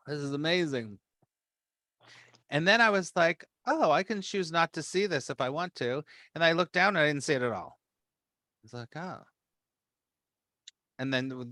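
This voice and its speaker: A man with a bright, forward voice recorded dry and close, with no room sound. He tells a story to a group in a loose, rambling way, full of restarts. He acts out his own past reactions with lively quoted asides. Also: a little high, no echo. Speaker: spiritual teacher leading a meeting.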